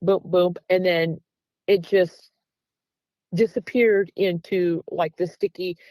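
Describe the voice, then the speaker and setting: A woman's voice: fairly low pitch, steady tone, takes it slowly, mellow, no room sound, rough recording. A woman, a guest researcher, casually telling a story in an interview and acting out the back-and-forth dialogue, with plenty of "um" and "like". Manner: chatty, with frequent "um" and "like".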